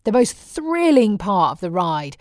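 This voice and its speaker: A woman's voice: mid-range voice, sing-song, measured pace, darkish tone, dry recording. Brief: middle-aged British woman, wry chatty presenter, dry close sound. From Britain. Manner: wry, chatty storytelling with frequent laughs. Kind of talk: chatty personal diary monologue.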